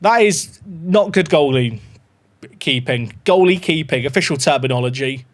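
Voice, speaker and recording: A man live-streaming a football management game, chatting excitedly to his viewers and reacting to every goal. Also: on the high side, moderate pace. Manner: excitable, chatty, talks to his dog and chat. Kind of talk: live gameplay commentary.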